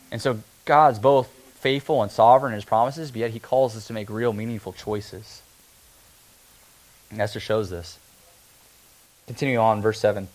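A man preaching a sermon in a relaxed, conversational way, often slipping into quick acted-out asides. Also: mid-range voice. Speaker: pastor.

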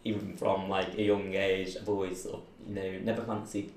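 A man recounts his own story in relaxed conversation, slipping into the voices of the people in it. His voice is low and gravelly. The room around him is roomy and echoing. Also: brisk, a little hiss or hum. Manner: chatty, laughs often, acts out voices in his story. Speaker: interviewee. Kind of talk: casual personal storytelling.

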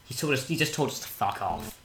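A man's voice: medium pitch, expressive, brisk, a bit bright. A man from England rambling and joking through gameplay as a podcast co-host, swearing often. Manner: rambling, silly, swears a lot. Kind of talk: joking gameplay chat in character. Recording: echoey room with faint noise.

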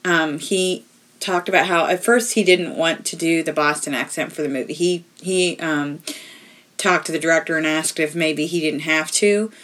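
Woman, lowish pitch, casual movie podcast chat, chatty, quick asides. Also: fairly bright tone. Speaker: podcast co-host.

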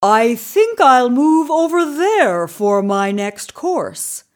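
Brave big male goat, voiced by a woman narrator; firm, calm, unhurried storybook delivery. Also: high-pitched, pitched above the performer's own voice, full character voice. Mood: hopeful. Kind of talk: storybook reading.

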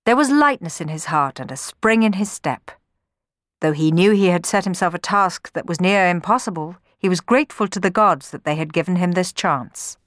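Storybook narrator: woman, low-ish voice, expressive read, dry close recording. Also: no room sound.

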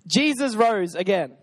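A young man preaching a casual, joking sermon at a church gathering and urging the crowd on. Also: sits high. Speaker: pastor.

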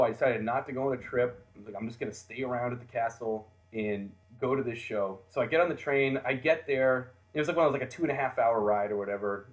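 An American man telling a long personal story in a casual podcast chat, animated and often laughing as he acts out the people in it. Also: mid-range voice. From United States.

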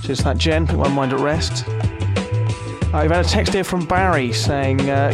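Deadpan man, music behind. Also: on the high side, a little slow. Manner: deadpan, hesitant with many fillers. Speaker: comedy podcast host. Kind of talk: improvised comedy chat.

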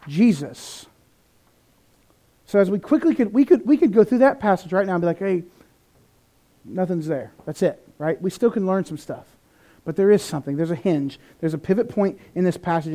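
A male pastor delivers an animated sermon. His voice sits high for a man but sounds mellow and warm, and he acts out the people he quotes with sudden jumps in pitch and volume.

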